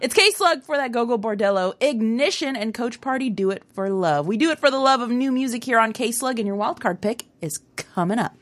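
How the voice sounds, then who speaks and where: A woman's voice: a little high, expressive, a little fast, few pauses. A woman radio DJ talking casually between songs with dry, sarcastic humor.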